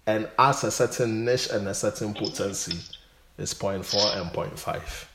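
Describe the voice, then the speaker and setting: Low-voiced pastor in an echoey room. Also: male voice, unhurried, fairly bright tone. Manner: repeats words, rises to emphatic bursts. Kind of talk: Bible study teaching.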